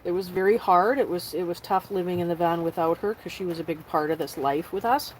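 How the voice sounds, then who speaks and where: A woman's voice: brisk, a little hiss or hum, rough recording. A woman chatting on a live stream from inside her camper van, talking to her viewers and her dogs. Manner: chatty, with pitch jumping high when talking to the dogs. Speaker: vanlife vlogger on a livestream. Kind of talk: casual live-stream chat.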